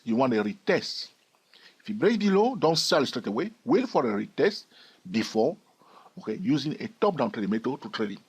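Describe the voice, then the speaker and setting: Husky man teaching chart trading. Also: medium pitch. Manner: emphatic, repeats key phrases. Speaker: trading educator. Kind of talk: chart analysis lesson.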